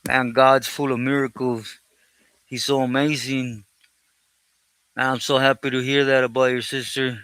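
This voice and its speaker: A man's voice: medium pitch, flat delivery, a little slow, pauses often, fairly bright tone, clean tone, no room sound. A man hosting a live stream, greeting viewers by name, switching between English and Spanish and often thanking God. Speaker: livestream host reading chat. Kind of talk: casual live chat with viewers.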